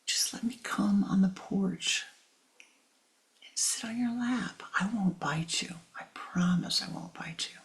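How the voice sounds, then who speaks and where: A deceitful, emotional cobra from a spoken parable pleads in a breathy, gravelly hush, as a man puts it on. The delivery is slow and drawn out, each promise dragged into a whisper. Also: high-pitched, lively intonation, heavily acted. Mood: pleading. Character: sly emotional male cobra, wheedling and deceitful.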